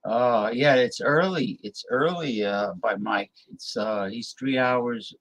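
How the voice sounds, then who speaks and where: A man's voice: medium pitch, takes it slowly, a bit bright. A man talking casually from his home desktop, rambling with many restarts. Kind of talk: casual chat. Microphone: desktop computer mic.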